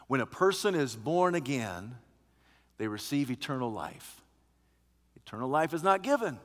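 A man preaching a sermon as pastor, shifting from quiet teaching to loud, emphatic proclamation. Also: medium pitch, long reverb tail.

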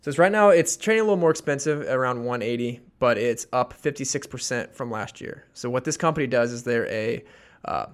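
A man's voice: medium pitch, a little fast. A man co-hosting a podcast, talking casually and at length about stocks he is buying, with many fillers and restarts. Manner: rambling and explanatory, full of fillers. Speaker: podcast co-host.

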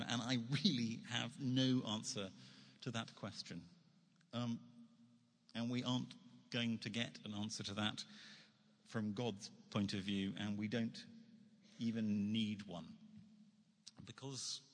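Husky-voiced man giving a reflective talk. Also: on the low side, fairly even intonation, slow pace, long pauses. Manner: earnest, reflective, emphatic. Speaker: speaker, author. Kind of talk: religious talk to an audience. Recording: long hall reverb.

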